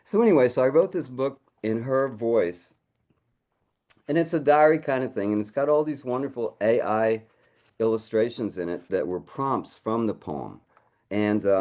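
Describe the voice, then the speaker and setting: A poet speaks in a rambling, playful way, and his pitch moves a lot. When he recites, he slows down and gets dramatic. He is heard through a video call. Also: darkish tone. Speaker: poet reading his work. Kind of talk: casual chat and poetry reading.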